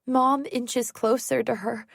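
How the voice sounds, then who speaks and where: Slow, tense woman narrator. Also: a little high, fairly even intonation, vocal fry, dry recording, studio quality. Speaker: audiobook narrator. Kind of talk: first-person thriller narration.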